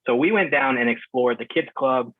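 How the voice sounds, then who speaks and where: A man's voice: medium pitch, normal speed, dry recording. A male podcast guest chatting casually and rambling a bit, with many fillers and restarts, heard over a phone line. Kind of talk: casual conversation recounting a trip. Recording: muffled phone-line call.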